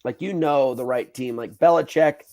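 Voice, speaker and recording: A man in his thirties hosting a podcast, telling stories in a casual, animated way, swearing freely and acting out what people said. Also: medium pitch, moderate pace, creaky. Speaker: podcast host. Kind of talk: casual storytelling chat.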